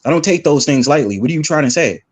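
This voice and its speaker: A high-voiced man on a stream panel who confronts another speaker, pressing the same questions again and again. He sounds insistent and keeps pushing for an answer. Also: lively intonation, quick pace. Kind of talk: heated online argument.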